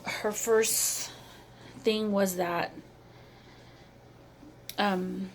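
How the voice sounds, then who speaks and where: Slow, halting mother telling her story. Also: mid-range voice, steady tone, a little hiss or hum. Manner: slow, halting and emotional, with many pauses and repeated phrases. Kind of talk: personal testimony to camera.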